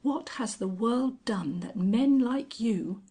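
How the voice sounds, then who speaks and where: A woman voicing a gentle male angel who speaks in a low, quivering voice, breathy and slow. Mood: indignant. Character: gentle bewildered male angel, soft-spoken.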